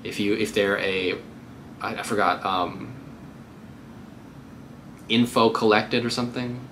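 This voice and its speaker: Bright-voiced man teaching cold calling. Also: lowish voice, fairly even intonation, measured pace, slight background noise. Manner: casual, upbeat and conversational. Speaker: real estate agent. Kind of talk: cold-call tutorial with live calls.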